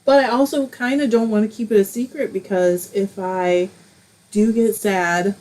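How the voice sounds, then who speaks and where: A middle-aged woman talks casually to her livestream viewers from a home craft room, her voice at an ordinary middle pitch. She sounds emotional and close to tears at times, then laughs it off and keeps going. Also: fairly even intonation, normal speed, mellow, rough recording. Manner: emotional, tearful at moments, laughing it off. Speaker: host of a live crafting stream. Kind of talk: casual livestream chat, reading comments aloud.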